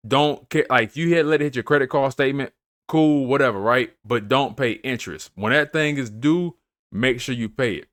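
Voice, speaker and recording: A man's voice: mid-range voice, moderate pace, fairly bright tone, no echo, clean studio sound. Slangy, emphatic man giving money advice. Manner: slangy, repeats phrases, asks "you feel me"; emphatic, preachy. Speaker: finance channel host. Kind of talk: casual advice talk to camera.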